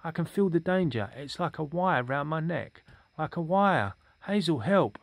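A man's voice: medium pitch, pushed and bright, no room sound. A man doing a stammering frightened little rabbit. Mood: desperate. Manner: stammering, halting, slow. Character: small frightened young male rabbit seer.

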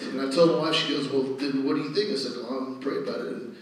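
A middle-aged man preaching a sermon as pastor, telling stories with animated energy that rises to loud exclamations. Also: mid-range voice, very fast. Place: church sanctuary. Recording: echoey church from a distance.

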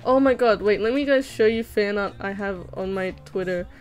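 A woman's voice: mid-range voice, normal speed, rough recording. A young woman chatting casually on a livestream while drawing, reading chat aloud, giggling and swearing now and then. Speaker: streamer. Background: background music.

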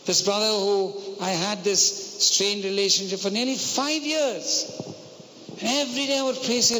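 A man's voice: high voice, steady tone, moderate pace, bright, forceful tone. A man preaching a sermon, telling a personal story and putting rhetorical questions to the congregation. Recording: long hall reverb, faint noise.

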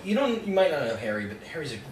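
A man's voice: fairly high pitch, very animated, racing, a crowd in the background. A young man telling a rambling, profane story about a gig in a casual chat. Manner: rambling, swearing, laughing storyteller. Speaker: guest songwriter. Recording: roomy, distant mic with faint noise.

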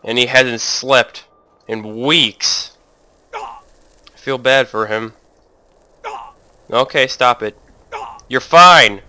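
A young man with a very bright, forceful voice narrates his gameplay in an unhurried drawl. He talks straight to the characters on screen and jokes his way through, then suddenly yells at them. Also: mid-range voice, expressive, no echo. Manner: jokey, talks to the game, bursts into yelling. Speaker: let's play host. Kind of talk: gameplay commentary.

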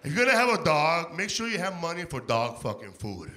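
A man doing a profane stand-up set, loud, swinging his voice up to shouts and acting out barks. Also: on the high side, very animated, fairly quick, background noise. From Mexico. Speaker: stand-up comedian. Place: comedy stage before a live audience.

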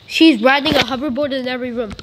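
High-voiced playful young gamer girl. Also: fast talker. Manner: chatty, silly, repeats herself. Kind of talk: playful gameplay commentary. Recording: noisy home recording.

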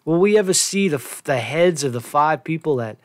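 A man's voice: on the high side, lively intonation, fairly quick, a little mellow, no room sound, clean studio sound. A man hosting his own news commentary show, reading reports aloud and breaking off into angry, swearing, sarcastic rants. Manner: reads news aloud then rants about it. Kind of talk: casual profane news rant.

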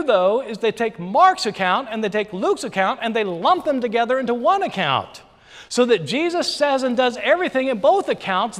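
Debater, male, high animated delivery, emphatic repetition, long hall reverb. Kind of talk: formal debate speech. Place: university lecture hall.

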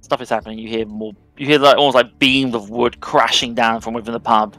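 A man running a tabletop role-playing game, talking through the action at an easy pace and stopping for plenty of ums and uhs. His voice sits at an ordinary middle pitch for a man. Faint music plays underneath. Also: brisk, rough recording. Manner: relaxed, descriptive narration with frequent fillers. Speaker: game master.

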